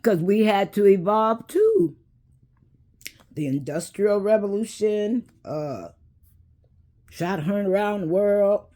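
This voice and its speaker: A woman, hosting a casual talk and speaking in an unhurried, preachy way that addresses viewers directly. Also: mid-range voice, very animated, warm tone. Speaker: host.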